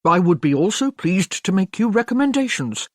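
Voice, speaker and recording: A courteous elderly shopkeeper, gently amused and unfailingly polite, spoken with lively inflection as a woman narrator puts him on. The recording is close and dry. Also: medium pitch, moderate pace, no room sound, pitched above the performer's own voice. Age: older.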